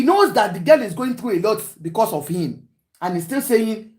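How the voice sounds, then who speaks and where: A woman's voice: mid-range voice, sing-song, moderate pace, a little mellow. A Nigerian woman hosting a talk show, giving preachy, emphatic commentary to her panel and often switching into Yoruba.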